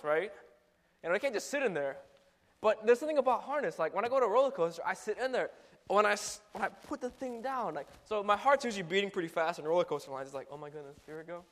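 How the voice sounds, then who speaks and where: A young man in a casual storytelling monologue, animated and full of filler words, acting out ride noises. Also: high voice. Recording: long hall reverb.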